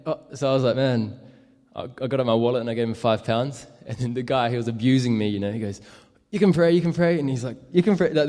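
A man's voice: mid-range voice, a little mellow, long reverb tail. A young man telling a casual, rambling story as a street evangelist, full of fillers. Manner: rambling, many fillers and likes.

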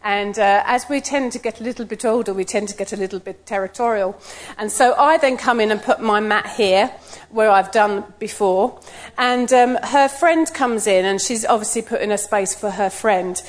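A middle-aged woman giving a personal sermon talk, telling stories in a lively way and acting out what people said. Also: medium pitch, moderate pace. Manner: lively storytelling, acts out quotes with laughs. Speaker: church speaker.

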